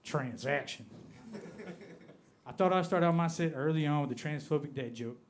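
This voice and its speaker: A man from Appalachia with an American Appalachian accent, performing a stand-up comedy set on a club stage and drawing out his punchlines deadpan. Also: on the high side, moderate pace, a little hiss or hum. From Appalachia, United States.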